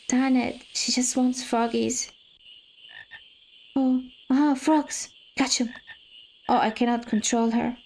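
Excitable high-voiced woman playing a game. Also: slow, pauses often, low-quality recording. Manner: excitable, gasping and squealing when scared; also reads game dialogue aloud. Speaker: gamer. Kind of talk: casual let's-play commentary. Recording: game music playing behind.

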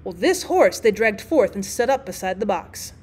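A woman teacher reading a classic short story aloud, expressive, with an occasional stray filler word. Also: medium pitch, moderate pace, breathy edge. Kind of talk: audiobook narration of a classic story.

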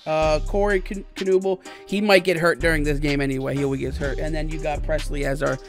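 A man giving excited gameplay commentary as a gaming video host, hyped, cheering and often yelling. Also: fairly high pitch, brisk, soft background music. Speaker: gaming YouTuber.

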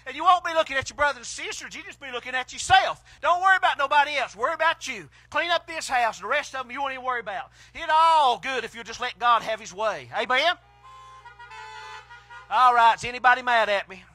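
High, bright-voiced fiery preacher. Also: male voice, quick pace, dry recording, faint music behind. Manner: swings between hushed and shouted exclamations. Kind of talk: fiery country sermon. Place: outdoor drive-in church service.

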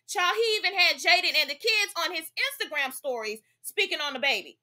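A woman's voice: extremely high pitch, lively intonation, fairly quick, hardly any pauses, bright, forceful tone. A young woman hosting a celebrity gossip vlog, talking in a sassy, emphatic way and tagging her points with "okay?". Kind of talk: chatty gossip commentary.

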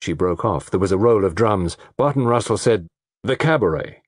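A man's voice: a little fast, dry recording, clean studio sound. A man reading a detective story aloud as an audiobook narrator, acting out the dialogue. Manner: reads in low, lively voice, acting out dialogue. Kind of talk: scripted narration.

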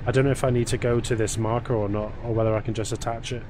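A man's voice: mid-range voice, flat delivery, rapid-fire, noisy background. Man bantering with his stream chat. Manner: teasing banter with viewers, thanks chat by name. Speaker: live streamer. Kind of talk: casual live-stream chat while gaming.

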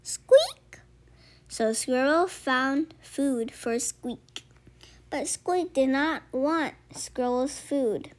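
A woman reading a children's picture book aloud, with slow, expressive storytelling. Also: sits high. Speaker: storybook reader. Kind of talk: children's read-aloud narration.

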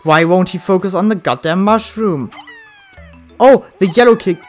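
Let's play gamer, swears a lot, yells then mutters, mid-pitched voice, faint game music. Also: normal speed.

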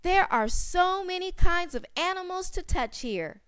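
Brief: woman reading an upbeat storybook mother, lively tone. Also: extremely high pitch, a little slow, dry recording, studio quality, pitched above the performer's own voice, full character voice. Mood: cheerful. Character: cheerful mother.

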